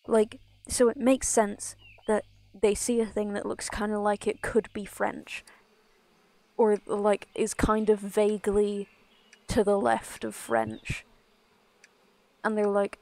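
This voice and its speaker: A woman's voice: medium pitch, level tone, slow pace, dark tone, no room sound. A woman from Ireland streaming a game, chatting casually in a rambling way full of asides. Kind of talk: casual chat while gaming.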